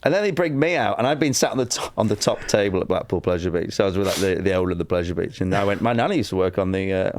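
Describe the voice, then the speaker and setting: Laughing English comedian telling a story. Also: male voice, deep voice, animated, racing, few pauses, a little hiss or hum. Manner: storytelling with acted-out quotes, laughing often. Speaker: comedian guest. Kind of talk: animated anecdote on a podcast.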